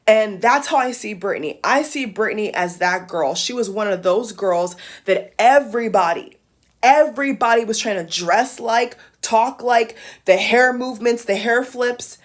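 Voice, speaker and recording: A woman vlogger speaking with fierce conviction, her voice sitting slightly high. She hammers her points home by repeating them and cursing bluntly, in a fired-up commentary style. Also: measured pace. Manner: fiery, emphatic, repeats phrases for emphasis, swears. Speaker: YouTube commentator. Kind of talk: impassioned vlog commentary.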